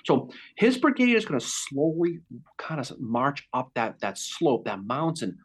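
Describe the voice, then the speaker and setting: A man hosting a podcast, telling a Civil War battle story in a casual, animated way. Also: medium pitch, a little slow, husky. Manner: animated, acts out quotes. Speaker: podcast host.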